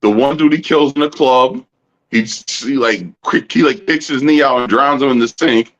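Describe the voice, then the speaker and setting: A man's voice: mid-range voice, normal speed, lo-fi sound. A man co-hosting a podcast, casually retelling movie scenes with quoted dialogue. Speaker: podcast co-host.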